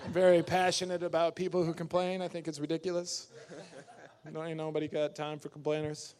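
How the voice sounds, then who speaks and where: A man's voice: a little high, a little fast. A man, an actor guest at a fan convention panel, answering questions in a casual, emphatic way with laughs. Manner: emphatic, animated ranting with laughs.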